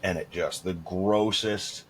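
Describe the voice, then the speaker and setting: A man's voice: sits low, steady tone, takes it slowly, fairly bright tone, a little hiss or hum. A man in his thirties, co-hosting a podcast, telling crude, candid stories in casual chat with lots of fillers. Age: 30s. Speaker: podcast co-host.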